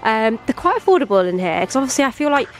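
A young woman talks excitedly to her viewers, her voice sitting fairly high and a touch hoarse. She gushes and fills her sentences with "like" in a casual vlog style. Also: quick pace, rough recording. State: slightly hoarse. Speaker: vlogger. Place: in a parked car, then in a shop.

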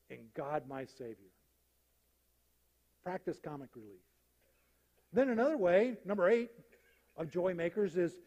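Male pastor, high voice, animated storyteller, sermon in a roomy sanctuary. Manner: animated storyteller acting out jokes. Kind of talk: sermon with humorous stories. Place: church sanctuary. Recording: church hall reverb.

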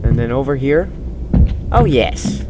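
A man's voice: mid-range voice, lively intonation, slow pace, very noisy. A man giving rambling, jumpy commentary on a horror game he is playing, yelping when startled. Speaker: gaming YouTuber. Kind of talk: let's play commentary.

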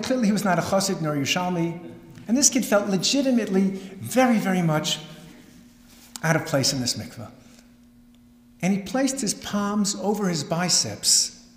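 A middle-aged man lectures like a seasoned storyteller, building suspense and dropping dry jokes. His voice sits somewhat high for a man. The sound carries the roomy, lingering echo of a large hall. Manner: dramatic, animated storyteller with wry asides. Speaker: rabbi and lecturer. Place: synagogue hall. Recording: echoey hall with long reverb.

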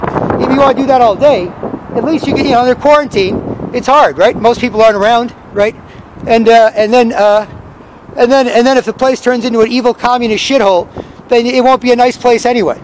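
A man's voice: extremely high pitch, background noise. A man delivering a rambling, profane street rant outdoors in a city square. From Canada.

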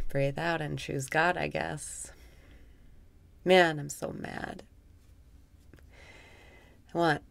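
Woman, meditation guide; low, creaky, unhurried delivery, soft and half-whispered, self-mocking. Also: no room sound. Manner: slow, soft-spoken, often dropping to a whisper, with wry self-mocking laughs.

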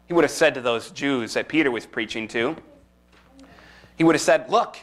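A man preaching a sermon as pastor, lively and expressive, acting out the voices he quotes. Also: mid-range voice, normal speed.

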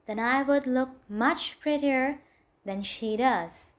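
A woman's voice: sits high, takes it slowly. A woman voicing an envious, spiteful young maid who speaks rudely and sneeringly in a storybook reading. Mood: scheming. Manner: rude, sneering.

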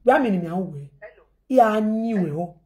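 A woman with a Nigerian accent speaks straight to her viewers in a loose, rambling rant, circling back over the same phrases again and again. Her voice sits at an ordinary middle pitch, and she slips pidgin expressions into her talk. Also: lively intonation, normal speed, darkish tone.

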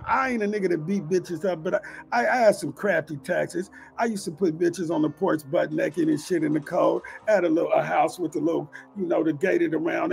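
A man's voice: fairly high pitch, creaky, darkish tone. A man hosting his own channel, telling a long street story in a profane, streetwise way and often asking if you follow him. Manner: profane, streetwise, keeps asking "you know what I'm saying". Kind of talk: casual storytelling monologue.

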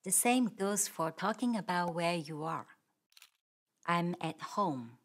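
Female language teacher, calm step-by-step explanations, slightly low voice, takes her time. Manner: slow, clear, patient explanation with model sentences. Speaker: Mandarin teacher. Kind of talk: grammar lesson.

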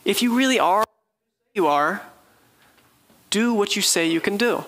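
A man's voice: sits high, lively intonation, measured pace, fairly bright tone. A man preaching, voicing scornful mockers who jeer at someone. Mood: mocking. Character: jeering male crowd of mockers.

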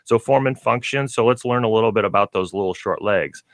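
A man co-hosting a casual pet radio show, reading aloud haltingly and stumbling over hard words. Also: fairly low pitch, fairly bright tone, no echo, studio quality. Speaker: co-host, pet store representative.

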